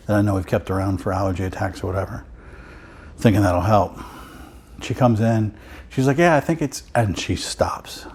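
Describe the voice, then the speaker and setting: A man's voice: on the low side, a little mellow, a little hiss or hum. A man casually telling a long personal story at home, rambling and wry, often breaking off and restarting. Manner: rambling, self-interrupting, wry. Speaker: vinyl collector vlogger.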